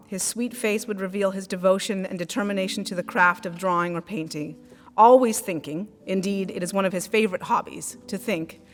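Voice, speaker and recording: A woman's voice: mid-range voice, a bit bright, long reverb tail. A woman teacher reading prepared graduation tributes for students, with small stumbles over words. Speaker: school teacher. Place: school event hall.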